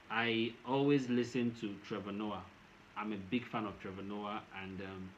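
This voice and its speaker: Nigerian-accented male vlogger, loose rambling delivery, muffled low-fidelity sound. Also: fairly bright tone. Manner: rambling, repeats and restarts phrases. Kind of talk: casual commentary to camera. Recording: dull lo-fi with faint noise.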